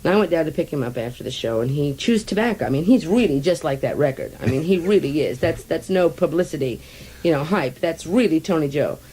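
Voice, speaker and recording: American woman on a radio chat, warm mellow tone, witty storyteller. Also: low voice, lively intonation, fairly quick, breathy edge, low-quality recording. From United States. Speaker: interview guest. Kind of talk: casual radio interview chat.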